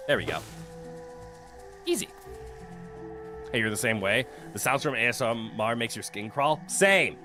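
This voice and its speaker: A man's voice: medium pitch, very animated, unhurried, long pauses, music in the background. A man streaming a video game in casual commentary, joking, swearing freely and laughing often, into a desk mic with a noise canceller.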